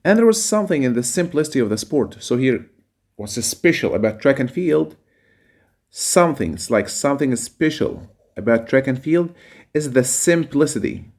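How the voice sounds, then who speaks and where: A man teaching a reading lesson, reading a passage aloud and explaining its words with pauses and fillers. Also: mid-range voice, very animated, a little mellow.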